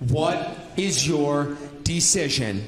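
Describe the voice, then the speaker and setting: A man hosting a live dating show, drawing out his questions to the contestants. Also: on the high side. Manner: lively, drawn-out questions to contestants. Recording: echoey stage with faint noise.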